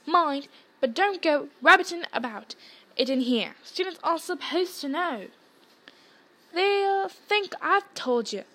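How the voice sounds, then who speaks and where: Shifty giant gamekeeper in a storybook reading, hushed and evasive, voiced by a woman. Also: very high voice, lively intonation, slow pace, voice pushed up, exaggerated voice. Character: big shifty gamekeeper man.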